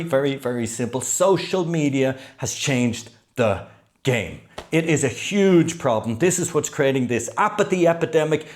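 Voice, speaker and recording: Male study coach, middle-aged, mid-pitched, earnest and emphatic, drives points home by repetition. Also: darkish tone. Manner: earnest, emphatic, repeats key words for effect. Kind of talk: talking-head advice video.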